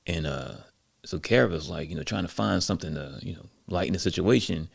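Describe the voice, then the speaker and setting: Deep gravelly man telling a story. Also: fairly quick. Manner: conversational, with many fillers. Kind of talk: casual storytelling.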